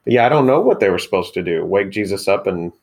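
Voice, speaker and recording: Lowish voice guy, casual chat, kinda unsure, tossing out questions. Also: animated, quick pace, a little mellow. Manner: tentative, wondering aloud, asks questions. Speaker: podcast co-host. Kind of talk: casual conversation.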